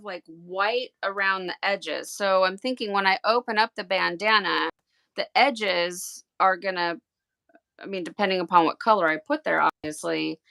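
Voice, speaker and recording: A woman chatting on a craft livestream, thinking out loud and stumbling over her words as she asks questions. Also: medium pitch, vocal fry. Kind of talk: livestream craft demo chat.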